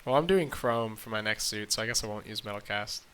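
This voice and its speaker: A man's voice: on the low side, fairly quick, a bit bright, clean tone, recorded from a distance. A man hosting a casual podcast chat, telling stories with lots of fillers and laughs.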